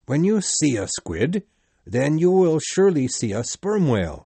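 A confident male harpooner speaks with earnest certainty, as a man reading aloud puts him on. His voice sits a little higher and louder than the narration. The sound is dry and close. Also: very animated, a little slow, breathy edge, no echo, heavily acted. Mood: assured. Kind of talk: audiobook character voice.

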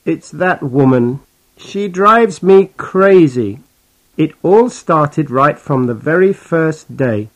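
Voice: mid-range voice, expressive, slow, low-quality recording. Voice actor as a fed-up tenant guy, weary complaining storyteller, scripted textbook listening narration. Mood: exasperated. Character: exasperated male tenant, Mister Brown.

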